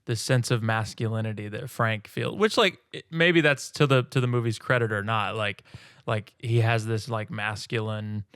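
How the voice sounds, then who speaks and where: A man's voice: fairly low pitch, moderate pace, fairly bright tone, clear, resonant tone, no room sound, studio quality. Man with wry podcast quips. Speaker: podcast co-host. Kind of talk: casual movie-review chat.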